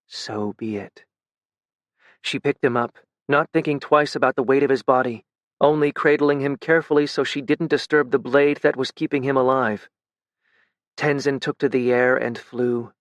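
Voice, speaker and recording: A man narrating a dark fantasy audiobook in a measured, intimate way. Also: mid-range voice, little pitch movement, dry recording.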